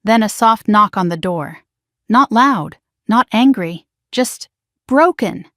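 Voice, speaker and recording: A woman narrating a dramatic first-person family story in a hushed, emotional way on a close mic. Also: mid-range voice, expressive, slow pace, dry recording.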